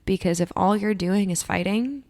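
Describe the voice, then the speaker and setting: A woman's voice: medium pitch, normal speed, darkish tone. A young woman co-hosting a podcast, talking candidly and emphatically and swearing freely in casual chat. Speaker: podcast co-host.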